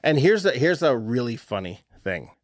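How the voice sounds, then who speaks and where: A man co-hosting a podcast in casual chat, telling stories in a profane, animated way and laughing often. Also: medium pitch, moderate pace, dry recording, studio quality. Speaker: podcast co-host.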